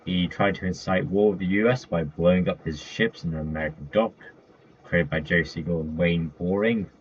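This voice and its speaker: Low-voiced rambling man, lo-fi recording. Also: a little fast, slightly rough. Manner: rambling, with frequent fillers and self-corrections. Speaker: commentator. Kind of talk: casual list-style commentary. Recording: dull lo-fi mic with faint noise.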